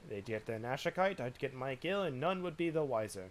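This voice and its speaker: A man's voice: medium pitch, animated, fairly quick, slight background noise, close to an everyday voice. Crooked male guard captain, scornful and greedy, in a plain voice for a game read-along, as a man reads him.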